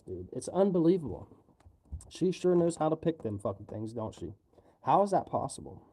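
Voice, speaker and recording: A man's voice: medium pitch, warm tone. Angry, profane man ranting on a livestream. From United States. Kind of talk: livestream rant.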